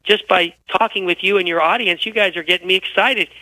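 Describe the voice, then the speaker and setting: A man who is feeling unwell, a guest telling lively anecdotes on a radio interview. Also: sits high, a little fast, no echo, rough recording. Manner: animated, tells anecdotes with quoted dialogue. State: unwell, feels physically poor. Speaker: guest author.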